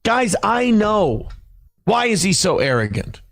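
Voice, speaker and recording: High-voiced theatrical male livestreamer. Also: very animated, slow pace, vocal fry, fairly bright tone, no room sound. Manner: theatrical, self-dramatizing, boastful. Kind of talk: livestream monologue.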